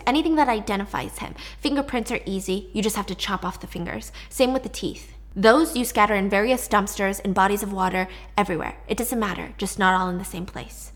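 A woman doing a cold, hushed young killer. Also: mid-range voice, fairly quick, lightly acted. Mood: coolly instructing. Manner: quiet, steady, instructing.

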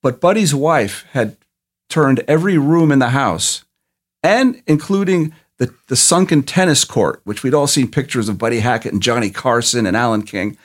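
A man, a TV producer, telling a detailed story as a podcast guest in an even way. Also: mid-range voice, moderate pace.

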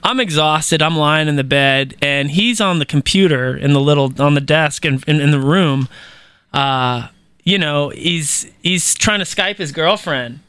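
A young man telling a story in a casual conversation, animated and slangy, with lots of swearing and fillers. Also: fairly high pitch, unhurried, smooth, no echo.

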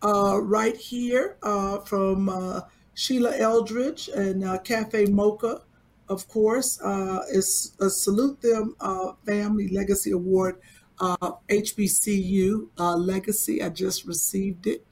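A woman co-host chats in easy, relaxed banter, full of "uh" and "you know". Her voice sits at a medium pitch. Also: takes it slowly, vocal fry. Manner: relaxed, warm banter with many fillers. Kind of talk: casual chat.

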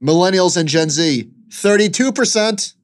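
A man co-hosting a casual finance podcast, relaxed, with dry asides and short replies. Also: high-pitched, normal speed. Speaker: podcast co-host.

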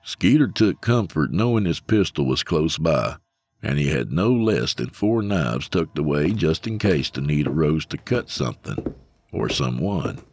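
A man's voice: extremely low pitch, sing-song, unhurried, darkish tone, no room sound. A man narrating an audiobook in a dry, profane storytelling manner. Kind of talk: scripted narration.

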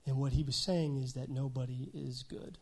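A man preaching a sermon in a conversational style, often checking in with "right?" and swinging between loud emphasis and quiet asides. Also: mid-range voice, steady tone, normal speed, breathy edge. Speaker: pastor.

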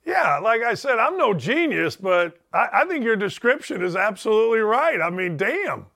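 Male show host, high and bright, laid-back blunt interviewer who laughs easily. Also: sing-song, normal speed, gravelly. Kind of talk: casual interview.

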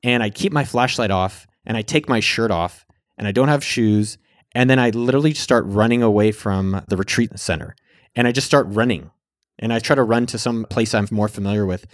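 A man's voice: on the low side, fairly quick, dry recording. Candid man telling a story, dry sound. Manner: candid, swears freely, acts out his own past words. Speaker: vlogger. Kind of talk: casual personal storytelling.

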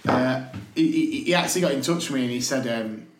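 A man's voice: mid-range voice, brisk. A man co-hosting a casual podcast, breaking into laughing mock rants. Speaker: podcast co-host and teacher. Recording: echoey room.

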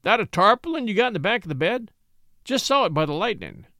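A man voicing a pushy male deputy in a storybook reading, talking loud and insistent. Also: high-pitched, sing-song, fast talker, dry recording, studio quality, pitched above the performer's own voice, full character voice. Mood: probing. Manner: loud, insistent country talk. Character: pushy rural male deputy hunting a fugitive.

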